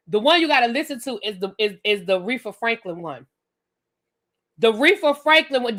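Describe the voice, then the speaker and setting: A woman's voice: fairly high pitch, brisk. A woman hosting a live reality-TV review stream on webcam, ranting bluntly and sassily straight at her viewers. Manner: animated, blunt and sassy, addresses viewers directly. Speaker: reviewer and channel host.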